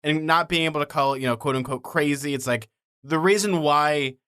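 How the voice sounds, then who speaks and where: Young male podcast co-host, slightly high, smooth voice, rambling enthusiasm. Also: a little fast, sharp tone. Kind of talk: casual book discussion.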